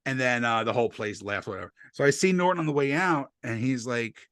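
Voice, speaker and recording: A man's voice: medium pitch, fairly quick, no echo, clean studio sound. A man from New Jersey, a stand-up comedian, telling stories in casual podcast talk, swearing and acting out what people said. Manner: profane, animated storyteller acting out quotes. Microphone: desk USB microphone.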